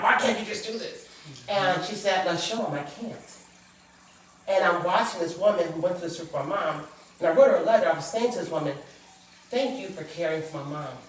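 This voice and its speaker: A middle-aged woman with a low-sitting voice shares a personal story as a guest author on a talk show, earnest and reflective. There is a little hiss or hum, and the recording sounds echoey, with her far from the mic.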